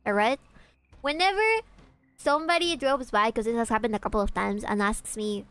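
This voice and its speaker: A woman's voice: a little high, a little fast, fairly bright tone, smooth, soft background music. A young woman from Peru, streaming a game and joking and teasing with her chat, swearing casually. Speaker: VTuber streamer.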